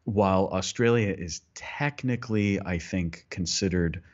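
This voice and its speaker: A man's voice: deep voice, a little slow, lo-fi sound. A man, a priest co-hosting a podcast, chatting casually and rambling through tangents with many restarts. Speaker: priest co-host.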